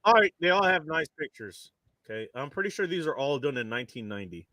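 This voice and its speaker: A man's voice: fairly high pitch, fast, no echo. A man in casual chat, joking and swearing freely. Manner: animated, profane, joking.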